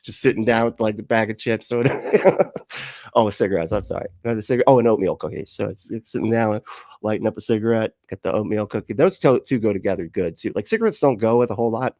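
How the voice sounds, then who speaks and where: A man's voice: lowish voice, fast, darkish tone, no echo. A man ranting and laughing through live reaction commentary, profane and exasperated, on a close mic. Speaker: commentary streamer.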